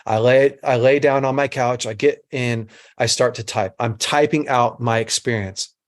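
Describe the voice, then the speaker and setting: A man's voice: medium pitch, steady tone, moderate pace. A middle-aged man giving an earnest teaching talk to a group, mixing instruction with a personal story and repeating phrases for emphasis.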